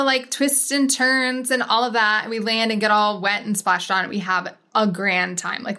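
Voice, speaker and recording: A woman in her thirties tells a personal story as a podcast host. She talks casually and with life, and her voice jumps up high when she acts out what others said. Her voice sits at an ordinary middle pitch for a woman. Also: bright, forceful tone.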